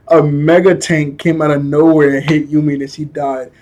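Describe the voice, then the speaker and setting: A man's voice: a little high, flat delivery, unhurried, a little mellow. A young man casually recapping a cartoon episode in a rambling, slangy way, often laughing and correcting himself. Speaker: episode reviewer.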